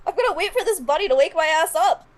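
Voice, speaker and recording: A woman playing a tabletop game, excitable and joking. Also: very high voice, fast talker. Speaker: player. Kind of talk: casual tabletop game play.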